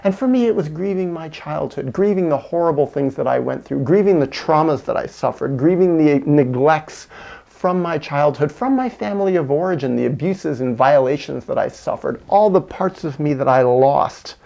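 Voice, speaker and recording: Gravelly-voiced male vlogger, earnest reflective storyteller. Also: a little high, expressive, moderate pace, mellow. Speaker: video essayist. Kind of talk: reflective personal monologue.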